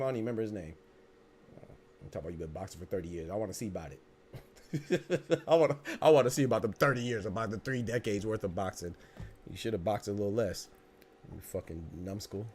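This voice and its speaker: A man's voice: on the low side, darkish tone, slight background noise. A man hosting a live boxing podcast, reading chat comments and joking around with loose, profane mock anger and speech.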